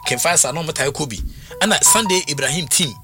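A man's voice: fairly high pitch, a little fast, music in the background. A middle-aged man with a Ghanaian accent, chatting and telling stories, often asking "what I say?" as he goes. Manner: animated storyteller, often asks "what I say?". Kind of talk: casual talk mixing Twi and English.

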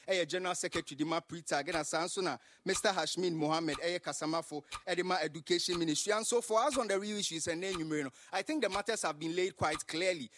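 A man's voice: high-pitched, fast talker, few pauses, a bit bright. A man with a Ghanaian accent giving a mock news presentation, mixing English with Twi. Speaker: contestant presenter.

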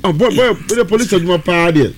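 A man presenting on radio, chatting and reading live adverts in a lively voice. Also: high-pitched, quick pace, slight background noise.

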